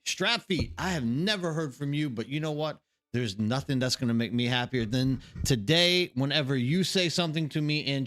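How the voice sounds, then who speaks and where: A male game streamer chatting live to his viewers, energetic and chatty as he greets people in the chat by name. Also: a little high.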